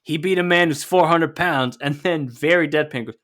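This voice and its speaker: A man's voice: a little high, moderate pace, few pauses, a bit bright, a little hiss or hum. A man co-hosting a wrestling podcast, chatting casually and joking as he recaps matches. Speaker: podcast co-host.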